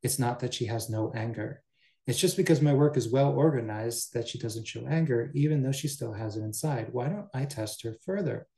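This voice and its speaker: A scheming young servant woman, played by a man, thinking aloud in a calculating, musing way. The tone stays mellow and soft, and a roomy echo hangs around the voice. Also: medium pitch, moderate pace, gravelly, natural voice. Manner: musing, calculating inner thoughts.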